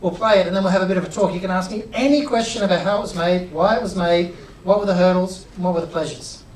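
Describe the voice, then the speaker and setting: A middle-aged man giving an energetic live workshop, chatty and drawing the audience in. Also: high-pitched, quick pace, slight background noise. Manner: upbeat, chatty, involves the crowd. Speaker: workshop presenter. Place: cinema auditorium with audience. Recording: roomy auditorium sound from a distance.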